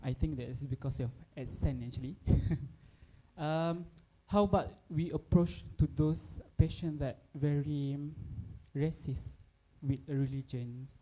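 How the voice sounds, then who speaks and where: A woman's voice: low voice, measured pace, warm tone, poor audio. A woman at a workshop asking the trainer a question, polite and hesitant. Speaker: workshop participant.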